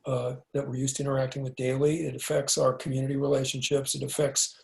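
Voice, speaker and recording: A man's voice: medium pitch, little pitch movement, fast talker, creaky, darkish tone, poor audio. A man speaking as a podcast guest, explaining ideas in a laid-back, slangy way over a video call. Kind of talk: conversational explaining.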